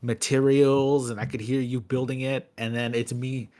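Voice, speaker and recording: A man co-hosting a gaming podcast, talking in an animated, joking way and swearing casually. His pitch sits in the ordinary middle range for a man. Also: moderate pace. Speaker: podcast co-host. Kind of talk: casual chat.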